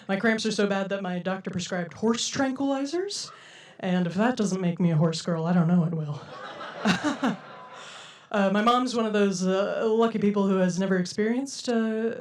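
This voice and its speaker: A young woman performs a stand-up set before a live crowd. She has a playful, giggly delivery and breaks into laughs often. Her voice sits at a middling pitch and sounds a little distant from the mic. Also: darkish tone. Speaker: stand-up comedian. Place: comedy stage before a live audience.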